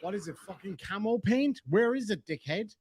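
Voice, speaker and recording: A man's voice: high voice, animated, moderate pace, darkish tone, slight background noise. An Irish man in casual commentary, telling stories full of swearing and laughing through them. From Ireland. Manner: profane, laughs through his own stories. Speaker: streamer reacting to a livestream.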